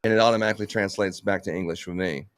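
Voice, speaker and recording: Blunt, low-voiced lights business owner. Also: male voice, fairly even intonation, very fast, a crowd in the background. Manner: blunt, swears, laughs often. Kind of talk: casual live chat.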